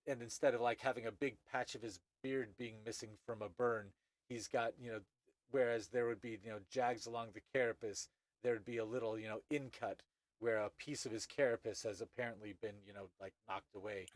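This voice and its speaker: A man's voice: mid-range voice, fairly even intonation, dry recording. Male game master, hesitant narration, dry mic, medium voice. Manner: halting, many restarts and fillers.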